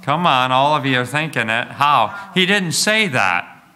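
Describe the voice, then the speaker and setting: Man with a sharp, bright voice telling a story. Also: mid-range voice, normal speed. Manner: animated, many fillers and restarts, asks the listeners questions. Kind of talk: storytelling sermon.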